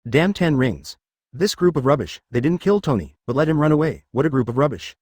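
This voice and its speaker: A man's voice: mid-range voice, a little mellow, dry recording, clean studio sound. A man narrating a fan story in a scripted, machine-read style.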